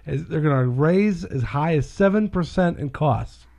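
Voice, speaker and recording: Lively gravelly-voiced man. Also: on the high side, unhurried. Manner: animated, gets loud and lively telling jokes. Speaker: podcast co-host. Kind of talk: casual chat and joke telling.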